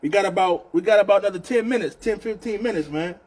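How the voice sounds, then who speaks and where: A man's voice: high voice, fast talker, a little mellow, breathy edge. A man with a Southern US accent hosting a casual union live show, talking loosely and repeating himself, often calling people "man". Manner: loose, repetitive, chatty, says "man" often. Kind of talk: casual live-stream talk.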